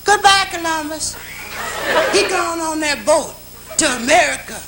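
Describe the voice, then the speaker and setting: Man doing a shrill excited woman. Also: unhurried, a loud crowd, full character voice. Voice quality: shrill falsetto. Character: excited woman seeing someone off. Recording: hissy old TV broadcast.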